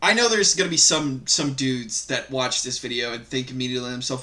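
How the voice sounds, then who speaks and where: A man hosts a reaction video, rambling animatedly and cursing casually as he rants about stories found online. He talks a little fast in a mid-range voice.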